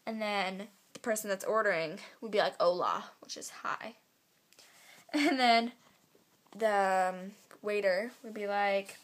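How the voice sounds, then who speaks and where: A teenage girl vlogging at home into her camera's built-in mic, chatty and full of fillers, drawing her phrases out slowly. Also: mid-range voice, steady tone, a bit bright. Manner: chatty, filler-heavy, drawn-out slow phrasing. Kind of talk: casual vlog, teaching basic Spanish phrases. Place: home, indoors.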